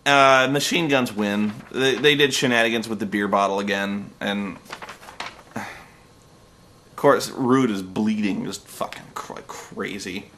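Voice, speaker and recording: Bright-voiced man ranting sarcastically. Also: medium pitch. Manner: profane, sarcastic, exasperated; rambling recap full of fillers. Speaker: host reviewing wrestling. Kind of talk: comedic review rant.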